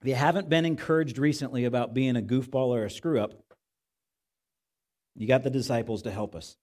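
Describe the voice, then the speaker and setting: A man's voice: medium pitch, brisk, darkish tone. A male pastor giving a conversational sermon in a church, often asking his listeners rhetorical questions.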